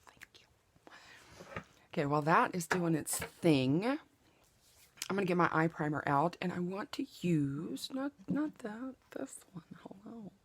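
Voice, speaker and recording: Her fairly low voice has lively intonation and an unhurried pace, with a little hiss or hum in the recording. She's a beauty vlogger from Southeast Oklahoma, US, chatting through a casual makeup tutorial at her home makeup table, window open. She jokes at her own expense and whispers when applying products.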